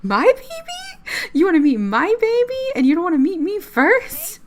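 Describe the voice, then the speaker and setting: A woman's voice: mid-range voice, very animated, fairly quick, creaky. A woman voicing a playful, teasing mother in a life-sim game, gushing over her daughter. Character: teasing excitable mom sim.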